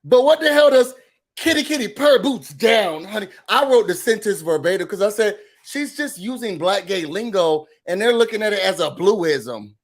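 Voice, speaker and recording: Sassy, high-voiced man ranting. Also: moderate pace. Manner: expressive, sassy, mimics quotes in a high voice. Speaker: recap show host. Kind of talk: animated recap and rant.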